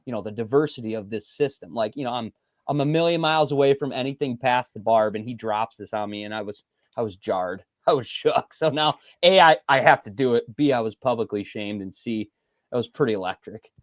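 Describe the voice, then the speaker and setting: A man's voice: mid-range voice, brisk, no echo. Guy on a podcast spinning a story, acts out what people said, laughs a lot, dry close mic. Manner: animated storyteller, acts out quotes, laughs often. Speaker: podcast co-host. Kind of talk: casual podcast banter.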